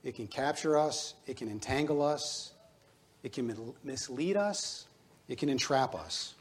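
A man's voice: mid-range voice, lively intonation, a little slow. A middle-aged man preaching a sermon as pastor, earnest and exhorting, weaving in personal stories.

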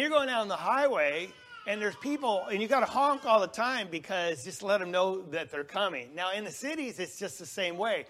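A man with a high, fairly bright voice gives a slide-show talk about a mission trip to a live audience. He comes across folksy and rambling, with small restarts and laughs along the way.

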